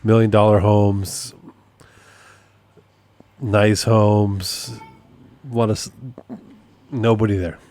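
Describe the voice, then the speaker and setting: A man's voice: fairly low pitch, level tone, slow, pauses often, darkish tone. A man hosting a casual solo podcast update, rambling and amused at himself, often repeating his points. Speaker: podcast host and process server.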